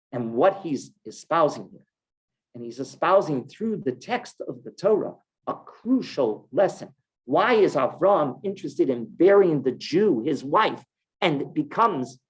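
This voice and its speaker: A rabbi giving a Torah class to a group of women, talking with emphatic rhetorical questions and repeated stresses. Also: male voice, a little high, rough recording.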